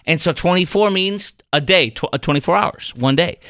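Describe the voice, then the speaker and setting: A man hosting a talk radio show, chatting in a rambling, animated way and quizzing his producer. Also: high-pitched, normal speed, few pauses, no echo, studio quality. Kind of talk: casual talk radio monologue. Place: radio studio.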